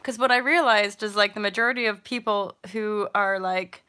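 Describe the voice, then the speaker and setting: A woman in her thirties, a yoga and meditation teacher, talking casually to her viewers in an emotional, expressive way, laughing often and swearing freely. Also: medium pitch, normal speed, clean tone. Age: 30s. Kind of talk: emotional casual talk to camera.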